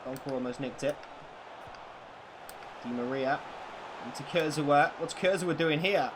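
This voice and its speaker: A man streaming a football video game, calling the play like a commentator and chatting with viewers, excitable and prone to swearing and bursts of shouting. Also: a little high, moderate pace, pauses often, background noise.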